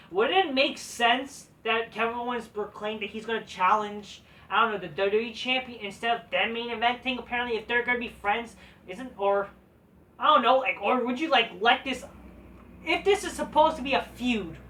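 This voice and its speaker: A woman's voice: a little high, moderate pace, a bit bright. A woman reviewing a wrestling show in a crude, profane, scornful rant. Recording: voice distant from the mic.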